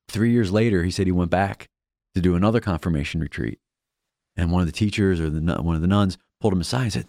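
Low gravelly man telling a story. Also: fast talker, no echo, clean studio sound. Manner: animated storyteller, acts out quoted voices, restarts often. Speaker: co-host of a faith reflection show. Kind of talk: casual storytelling chat.

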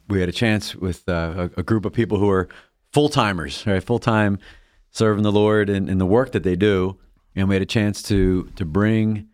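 A man's voice: sits low, no echo, studio quality. A man co-hosting a faith reflection show, telling a story in casual chat and acting out the voices of the people in it. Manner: animated storyteller, acts out quoted voices, restarts often.

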